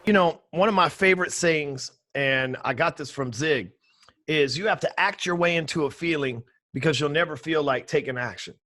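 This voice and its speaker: Man, high-pitched, energetic, emphatic, casual swearing. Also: moderate pace, no echo. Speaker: podcast guest, sales trainer. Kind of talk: energetic interview talk.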